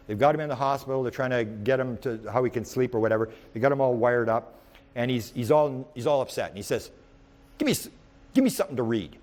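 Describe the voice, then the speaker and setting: Rambling male storyteller, mid-pitched. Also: quick pace. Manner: rambling, with frequent restarts and repeated words; animated storyteller who speaks in the present tense. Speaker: UFO researcher giving a talk. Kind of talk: anecdotal storytelling lecture.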